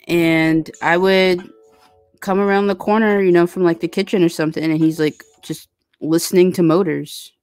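A woman with a low, somewhat dark voice hosts a casual livestream, rambling and chatting with lots of fillers while reading viewer comments aloud. The recording has no room sound.

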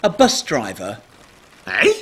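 A man's voice: mid-range voice, wildly swooping pitch, takes it slowly, a bit bright. A man presenting a children's TV comedy, grumbling theatrically with mock-cheerful sarcasm. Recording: noisy studio recording.

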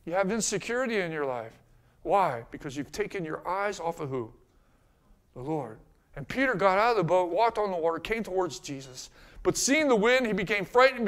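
A man pastor preaching a sermon, asking the congregation rhetorical questions and swinging between hushed and loud passages. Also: extremely high pitch.

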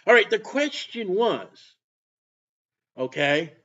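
A man preaching a sermon, emphatic, with bursts of loud delivery. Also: sits high, expressive, moderate pace, slightly rough. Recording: dull lo-fi sound.

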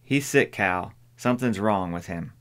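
A man's voice: fairly low pitch, lively intonation, normal speed, fairly bright tone, smooth. A man voicing an anxious, earnest young boy with a drawl. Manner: earnest, worried. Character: anxious boy, about twelve.

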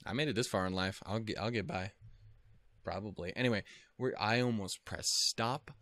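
A man with a fairly low voice talks through an anime reaction in loose, rambling commentary. He swears constantly, apologizes and mocks himself when things go wrong. The sound is close and dry, with no room echo. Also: moderate pace, a bit bright. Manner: profane, self-deprecating, easily flustered. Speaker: anime reaction video host.

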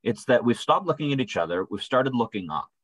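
A man with a slightly husky voice teaches a church Bible study in a relaxed, conversational way. His pitch moves a lot as he acts out the quoted voices. The sound is close and dry. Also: fairly quick, no echo, low-quality recording. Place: church room.

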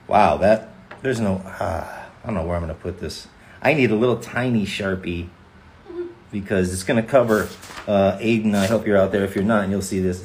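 A man's voice: lowish voice, normal speed, a little hiss or hum. A voice actor chatting casually and joking with viewers while he signs autographs on a livestream. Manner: playful, jokey, rambling. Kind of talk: casual chat.

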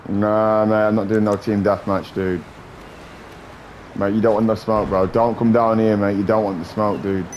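Man, young, lowish voice, excitable gameplay commentary, clear game sounds behind. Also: normal speed, a little hiss or hum. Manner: excitable, swearing, trash-talking other players. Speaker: gaming YouTuber.

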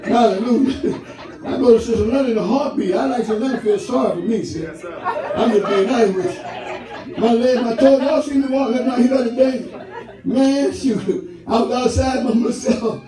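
Man pastor, high animated voice, unhurried sermon delivery, recorded from a distance in an echoey church. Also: crowd noise. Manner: laughing, storytelling with call-and-response. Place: church sanctuary. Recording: roomy church hall, mic at a distance, congregation audible.

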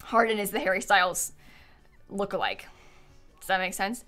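A woman's voice: mid-range voice, moderate pace, a bit bright, faint music behind. A young woman in her twenties chatting casually on a live game stream, giggly and talkative. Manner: giggly, chatty, often breaks into laughter. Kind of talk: casual live-stream chat while playing a life-sim game.

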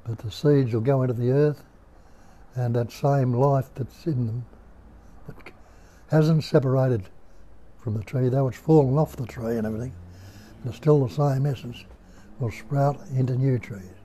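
An older man with an Australian accent, giving a slow, musing spiritual talk at home and putting rhetorical questions to his listeners. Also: medium pitch, steady tone, dark tone. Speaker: spiritual teacher. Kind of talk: unhurried nondual teaching talk. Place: indoor room at home.

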